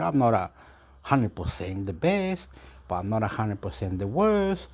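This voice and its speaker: A man's voice: medium pitch, very animated, slow pace, long pauses, a little mellow. Rambling man. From Chile. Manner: meandering, self-deprecating, laughs often. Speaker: YouTuber. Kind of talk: rambling casual monologue.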